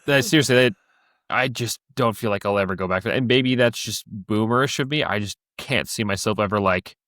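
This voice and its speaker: A man's voice: lowish voice, brisk, fairly bright tone, no echo, clean studio sound. A young man co-hosting a podcast, chatting casually and telling stories with acted-out quoted voices. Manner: storytelling, acts out quoted voices. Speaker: podcast co-host. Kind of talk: casual chat.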